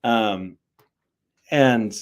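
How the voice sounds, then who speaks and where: A man's voice: lowish voice, drawn-out words, clean tone. A young man giving a loose, conversational spiritual teaching, telling a story and then encouraging listeners, with many fillers like "like" and "you know". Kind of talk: casual live talk mixing storytelling and spiritual teaching.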